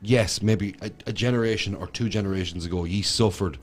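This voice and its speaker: A man's voice: deep voice, brisk. An Irish man co-hosting a podcast, arguing his points in an emphatic, casual way. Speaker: podcast co-host. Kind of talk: casual chat.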